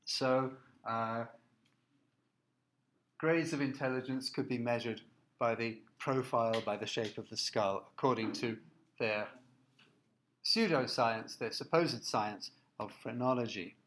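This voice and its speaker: A man giving a recorded lecture, explaining slides in a halting way with many fillers and restarts. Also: medium pitch, fairly bright tone. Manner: explanatory, asks listeners to look at slides.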